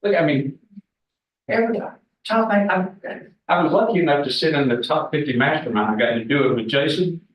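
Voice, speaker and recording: A man's voice: a little high, fairly quick. Man, forties, casual storytelling, folksy and candid, echoey meeting room, distant dull mic. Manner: folksy, candid, joking with the audience. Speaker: guest speaker at a real estate team meeting. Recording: echoey room recorded from afar, dull sound.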